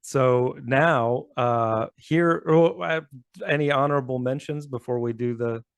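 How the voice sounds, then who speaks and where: A man co-hosts a relaxed chat in a gravelly, fry-tinged voice. He talks freely, laughs often and restarts his sentences. The sound is dry and close. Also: mid-range voice, unhurried, no echo. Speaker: co-host. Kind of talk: casual chat.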